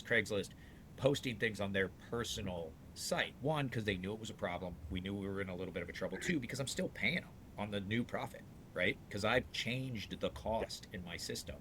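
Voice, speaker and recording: Brief: low-pitched male dealer, casual, blunt, animated storyteller, light background rumble. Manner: rambling, animated storyteller with frequent restarts; salty, blunt talk. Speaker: dealership owner.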